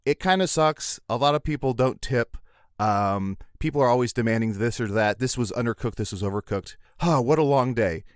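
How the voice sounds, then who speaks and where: A man chatting as a podcast guest, telling playful stories in an animated way, a little tipsy. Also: medium pitch, moderate pace, smooth, no echo, clean studio sound. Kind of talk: casual chat.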